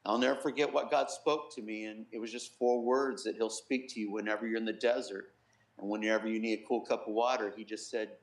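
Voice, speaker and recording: A middle-aged man, a pastor, giving an earnest personal testimony in an interview, softly quoting others as he tells it. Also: fairly low pitch, steady tone, a little fast, roomy sound, poor audio. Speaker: pastor and guest.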